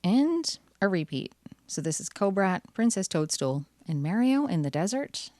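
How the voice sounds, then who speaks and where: A woman's voice: mid-range voice, big pitch swings, normal speed, mellow, no room sound. A woman hosting her channel, chatting cheerfully through card packs with wry asides. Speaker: channel host. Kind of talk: casual card-opening commentary.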